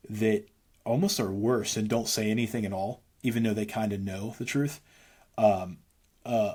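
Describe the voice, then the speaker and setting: Husky man telling his story, rambling. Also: fairly low pitch, darkish tone. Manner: rambling, earnest, many restarts and fillers. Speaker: interview guest, musician. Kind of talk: candid storytelling interview.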